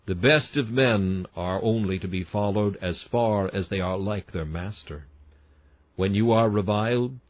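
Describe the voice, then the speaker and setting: A man's voice: on the low side, no room sound, lo-fi sound. A man reading a classic sermon aloud in an emphatic, earnest preaching cadence. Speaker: sermon reader.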